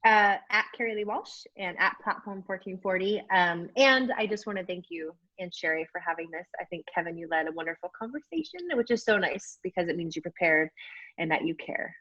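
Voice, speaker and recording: A woman's voice: fairly low pitch, fairly quick, bright, forceful tone, no room sound. Chatty american-raised woman guest, forties, lotsa fillers, muffled dry video call sound. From United States. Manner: enthusiastic, candid, chatty with many fillers. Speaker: interview guest, pro athlete. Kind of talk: casual conversational interview. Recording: dull, dry lo-fi call audio.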